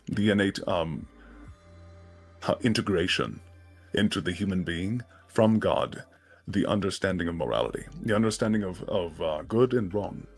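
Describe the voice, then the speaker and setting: A man's voice: low voice, creaky, breathy edge. A man chatting casually on a livestream, musing in a rambling, thoughtful way about a book's ideas. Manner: rambling, thoughtful, often laughing. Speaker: co-host discussing a book. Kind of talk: casual livestream chat and commentary.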